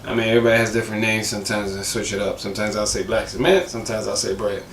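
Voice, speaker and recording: A hoarse man chats through a sneaker review with a lot of slang and eager rambling. His voice cracks now and then. He sits back from the mic in an echoey room with clear noise behind him. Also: fairly low pitch, fairly even intonation, very fast, a bit bright, far from the mic.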